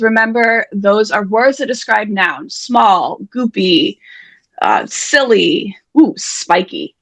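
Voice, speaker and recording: A woman's voice: mid-range voice, fairly bright tone, dry recording. A woman hosting an online word game on a video call, chatty, playful and self-deprecating as she reads out the players' suggestions. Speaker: host and emcee of an online writers' event. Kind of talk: casual live-stream game hosting.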